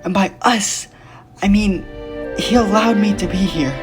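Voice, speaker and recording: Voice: mid-range voice, unhurried, over music, pitched above the performer's own voice, lightly acted. A storyteller voicing a grieving, haunted female knight who confesses before a crowd. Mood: pleading confession.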